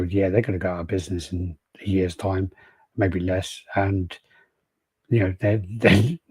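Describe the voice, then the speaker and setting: A man's voice: sits low, a little mellow, husky, no echo. A man hosting a podcast in easygoing chat, greeting viewers and reading out their comments. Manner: laid-back, reads out viewer names and comments. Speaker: podcast host. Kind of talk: casual chat. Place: podcast studio.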